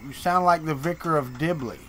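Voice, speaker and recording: A man's voice: fairly high pitch, fairly quick, a bit bright, a little hiss or hum. A man from Florida with a Southern American accent, chatting and joking with viewers on a live stream. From Florida, Deep South. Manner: joking, chatty, reads and answers chat. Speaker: streamer host. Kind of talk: casual live-stream chat.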